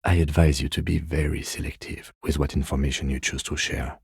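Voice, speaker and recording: An actor playing a reserved, precise middle-aged police lieutenant in a video game, speaking in a measured, formal, dry way. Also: male voice, extremely low pitch, little pitch movement, vocal fry, darkish tone, slightly rough, no room sound, heavily acted. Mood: calm, formal. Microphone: close studio mic.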